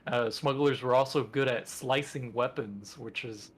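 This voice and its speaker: A man's voice: medium pitch, a little slow, slightly rough. A man co-hosting a podcast in casual chat, rambling with enthusiasm and lots of fillers. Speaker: podcast co-host.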